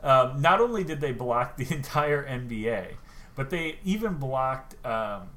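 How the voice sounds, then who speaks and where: A man chatting casually on a podcast, retelling stories in an animated, laughing way and swearing freely. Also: mid-range voice, unhurried. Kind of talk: casual chat.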